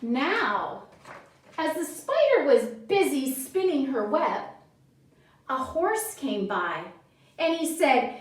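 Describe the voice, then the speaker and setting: Gentle, encouraging woman kids' yoga teacher, high voice, slow and patient, mic well off in a boomy room. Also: big pitch swings. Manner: gentle, encouraging, cueing breaths and moves. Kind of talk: guided children's yoga with storytelling. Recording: echoey room, distant mic.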